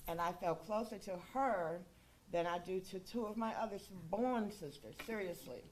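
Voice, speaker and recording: A woman who is a close friend, giving a chatty, animated eulogy at a funeral service, often checking in with her listeners. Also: mid-range voice, normal speed, slight background noise. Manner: chatty, animated, laughing, checks in with "okay?" and "you know". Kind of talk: funeral tribute speech.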